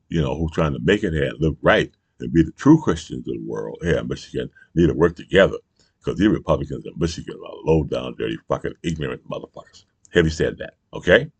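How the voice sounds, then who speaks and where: A man with a very deep, gravelly and husky voice, ranting heatedly in a profane political commentary. The sound is dry and close, and he keeps throwing in "you know" as he drives each point home. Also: lively intonation, fast talker, no room sound. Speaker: channel host. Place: Michigan.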